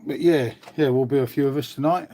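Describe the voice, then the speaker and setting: Speaking a little fast in a mellow, mid-range voice, a British man hosts a casual livestream. He greets viewers and answers them, cursing freely as he chats.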